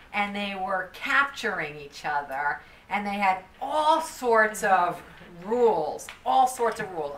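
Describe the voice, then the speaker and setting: A woman telling a story to a group in a lively, animated way, often restarting her sentences. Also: a little high. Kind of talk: storytelling talk. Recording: echoey room from far off, faint noise.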